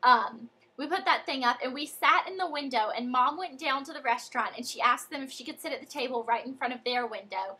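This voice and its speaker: A young American woman tells a childhood story straight to camera, chatty and animated, with lots of "like" and "um". Her voice sits high and bright, with a soft breathy edge. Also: fairly quick, hardly any pauses. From United States. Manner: chatty and animated, many fillers like "like" and "um". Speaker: vlogger. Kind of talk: casual storytelling vlog.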